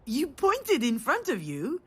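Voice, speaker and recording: A woman voicing a mother in a video game, telling a family memory in a warm storytelling manner. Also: high voice, takes it slowly, heavily acted. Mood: tender. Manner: warm storytelling, rising to excited cries. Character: tender mother remembering a family trip.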